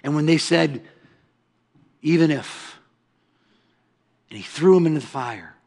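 A male pastor delivering a sermon, reading scripture and dramatically stretching key phrases before dropping to a hushed tone. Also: on the high side, measured pace.

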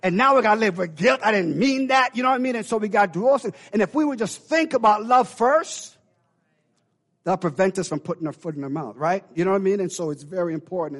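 A middle-aged male pastor preaching a sermon, swinging from loud emphatic declarations to hushed low asides with call-and-response phrases.

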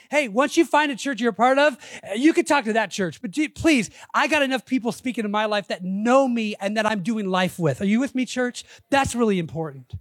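A man preaching a sermon as pastor, conversational and animated, acting out quotes. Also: very high voice, no echo, studio quality.

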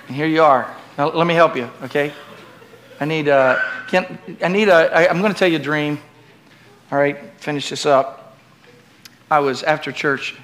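A middle-aged male pastor delivers a sermon in church, swinging between loud, emphatic preaching and relaxed, joking asides with the congregation. His voice is on the high side, with slight background noise.

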